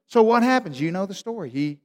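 Male pastor, emphatic sermon delivery, high-pitched, echoing church hall. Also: fairly quick. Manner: animated, emphatic storytelling.

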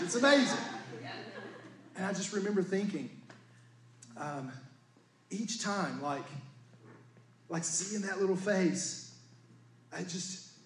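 A man's voice: high-pitched, a bit bright, slight background noise. A man preaching a sermon in an earnest manner, at times rising to fervent appeals. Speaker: pastor. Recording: roomy hall with live music. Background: guitar playing.

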